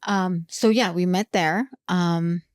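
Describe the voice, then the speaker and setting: A woman's voice: fairly low pitch, fairly even intonation, takes it slowly, clear, resonant tone, no room sound, clean studio sound. A woman in her forties hosting a podcast, chatting expressively and laughing often. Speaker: podcast host. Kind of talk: casual podcast interview.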